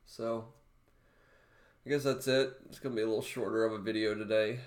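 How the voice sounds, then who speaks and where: A man speaking in an emotional personal vlog, halting and close to tears, often restarting his sentences. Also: lowish voice, steady tone, roomy sound. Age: adult father. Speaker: vlogger.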